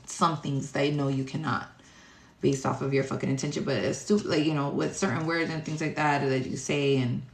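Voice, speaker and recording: Speaking as a tarot reader, this woman delivers a meandering spiritual talk in a deep, low voice with a slightly bright quality. She's blunt, curses a lot, and fills her speech with fillers, all bouncing off an echoey space.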